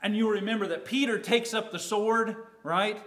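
High-pitched man preaching a sermon. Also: normal speed. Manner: acts out a disciple's words in quoted asides; rises in loudness and falls to near silence.

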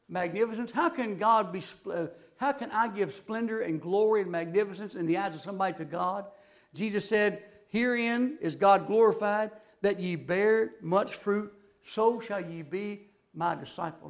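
A man's voice: high-pitched, vocal fry. An older man preaching a folksy, rambling sermon full of country stories. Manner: folksy, rambling storyteller with restarts.

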